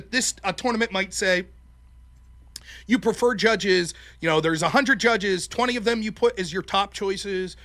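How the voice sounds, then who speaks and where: High bright-voiced man, profane storyteller. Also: dry recording. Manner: profane, animated, mocking voices when quoting people. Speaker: podcast host. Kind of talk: casual chat, storytelling.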